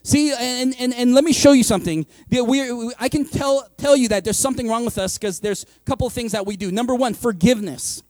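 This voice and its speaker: High-voiced pastor preaching conversationally. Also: male voice, brisk, few pauses, darkish tone, dry recording. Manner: conversational and joking, acting out voices of listeners. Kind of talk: sermon.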